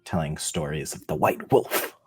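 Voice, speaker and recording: Very deep, husky man. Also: normal speed. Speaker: player. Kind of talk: in-character narration for a tabletop game.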